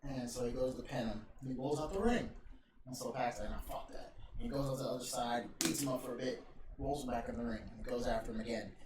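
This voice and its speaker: A man on a casual podcast, retelling wrestling stories with loud swearing and laughter. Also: medium pitch, fast talker. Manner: animated storytelling with swearing and laughter. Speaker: podcast host. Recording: roomy, distant, noisy home recording.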